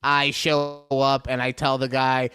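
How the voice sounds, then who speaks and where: A man's voice: mid-range voice, completely flat delivery, unhurried, pushed and bright. A man co-hosting a casual podcast, reading horoscopes aloud with mock-dramatic jokes and free swearing. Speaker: podcast co-host.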